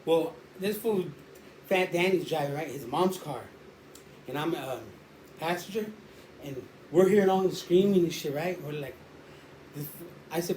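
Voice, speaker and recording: A man's voice: fairly high pitch, normal speed, long pauses, a little mellow. A man telling a rambling, slangy street story in a casual way. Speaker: storyteller guest. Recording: roomy echo, faint background noise.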